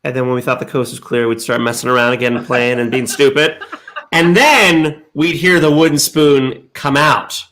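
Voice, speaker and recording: A man telling a lively childhood story in casual chat, acting out the sounds and voices. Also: medium pitch, moderate pace, slight background noise. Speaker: co-host.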